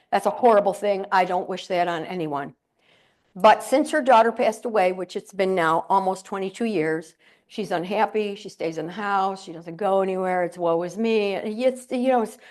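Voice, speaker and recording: An older woman from central New York giving a humorous motivational keynote to a live audience, telling stories with chatty, playful asides. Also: medium pitch. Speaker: keynote speaker. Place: conference room with audience.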